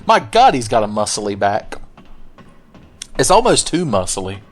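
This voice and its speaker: A man's voice: fairly low pitch, very animated, measured pace. A man giving sarcastic, profane let's play commentary, taunting the enemies he fights. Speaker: gaming commentator. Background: faint game music.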